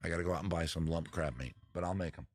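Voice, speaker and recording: Chatty emphatic man, low voice. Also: racing. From Maryland. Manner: chatty, emphatic, swears casually. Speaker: host. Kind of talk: casual livestream chat.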